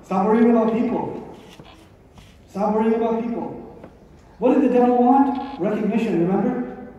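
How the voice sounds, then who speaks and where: A man's voice: very high-pitched, normal speed. Guy preaching live to a crowd, punchy and repetitive, roomy hall sound from far off, a bit muffled. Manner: emphatic, rhetorical questions and repetition. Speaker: Islamic speaker. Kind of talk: live religious talk to an audience. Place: large event hall. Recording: echoey hall recording from afar, dull.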